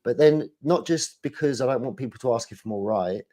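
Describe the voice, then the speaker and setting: A man in casual chat, rambling and animated, often laughing between his thoughts. His voice sits at an ordinary middle pitch for a man. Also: fairly quick. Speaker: guest.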